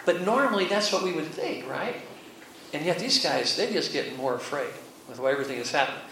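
A man's voice: on the high side, expressive, a little fast, creaky, fairly bright tone. A man preaching a conversational Bible lesson, folksy and chuckling, who keeps checking in with his listeners. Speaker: pastor. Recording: very echoey hall, mic far off, faint hiss.

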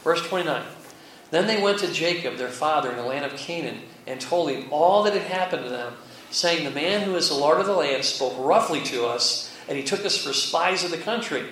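Folksy preacher in an echoey hall. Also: male voice, a little high, animated, fairly quick, a bit bright. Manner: folksy, keeps checking in with "okay?" and chuckles. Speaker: pastor. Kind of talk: conversational Bible teaching. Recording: very echoey hall, mic far off, faint hiss.

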